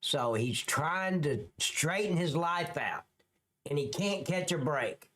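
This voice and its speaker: A man's voice: a little high, lively intonation, takes it slowly, fairly bright tone. A man ranting profanely and scornfully as a live-stream commentator, reacting to police clips.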